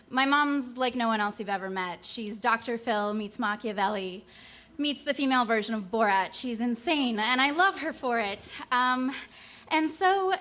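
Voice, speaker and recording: Woman in her twenties, stage storyteller; high-pitched, wry, punchy comic delivery. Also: a bit bright.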